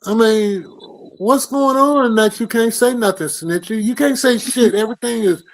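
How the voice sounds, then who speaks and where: A man co-hosting a morning show, talking in loud, profane, teasing banter. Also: very high voice, moderate pace, rough recording. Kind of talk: casual banter.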